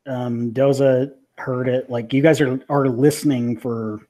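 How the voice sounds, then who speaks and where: A man's voice: mid-range voice, steady tone, a little slow, mellow. A man narrating as game master of a tabletop game, casual and hesitant with many fillers.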